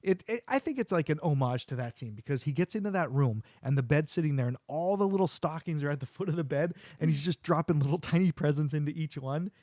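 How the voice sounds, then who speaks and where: A middle-aged man hosting a podcast, chatting casually with his son and retelling cartoon scenes with quick quoted voices. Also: fairly high pitch, warm tone. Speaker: podcast host.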